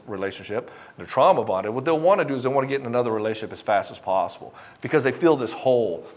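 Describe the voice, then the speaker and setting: Fast-talking profane male coach. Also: mid-range voice. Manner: blunt, profane, passionate, acts out both sides of dialogues. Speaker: dating and divorce coach. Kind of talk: direct-to-camera motivational talk.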